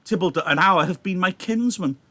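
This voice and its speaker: A man's voice: high-pitched, normal speed, sharp tone, no echo, pitched above the performer's own voice. A man voicing a young male nobleman, ashamed and angry, declaiming his lines.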